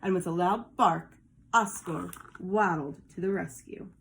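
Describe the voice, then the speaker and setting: Slow, animated storybook reader woman. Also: fairly low pitch, creaky, slight background noise. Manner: slow, animated read-aloud for kids. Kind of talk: reading a children's picture book aloud.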